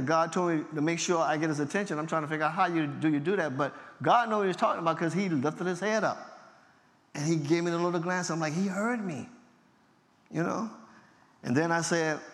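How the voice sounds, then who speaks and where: Middle-aged pastor, animated storyteller who plays all the voices, slightly high voice, big reverberant hall. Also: male voice. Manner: animated storyteller acting out dialogue, laughing at himself. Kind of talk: storytelling testimony talk. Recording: long hall reverb from a large venue.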